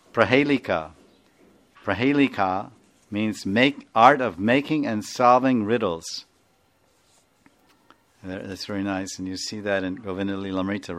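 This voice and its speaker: A man's voice: low voice, a bit bright. A man with an Indian accent, a spiritual teacher giving an informal class, rambling, chuckling and often asking his listeners to confirm.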